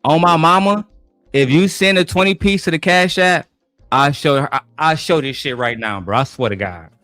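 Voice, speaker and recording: A man streaming live, telling stories in a profane, boastful, animated way. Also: on the high side, normal speed, dry recording, studio quality, faint music behind. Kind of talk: livestream rant.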